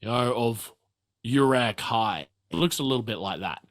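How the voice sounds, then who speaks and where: A man's voice: medium pitch, expressive, normal speed, a bit bright. A man narrating a tabletop game as game master, rambling along with lots of fillers and restarts.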